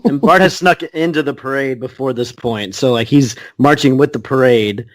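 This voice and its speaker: A man co-hosting a podcast, tossing in quick wisecracks during casual chat. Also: medium pitch, dry recording. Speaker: podcast co-host.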